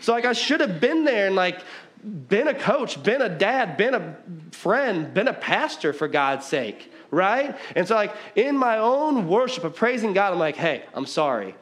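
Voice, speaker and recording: A man's voice: sits high, very animated, measured pace, fairly bright tone. A man in his thirties preaching a casual sermon as pastor, talking conversationally with lots of "like" and jokey asides. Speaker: pastor and youth basketball coach.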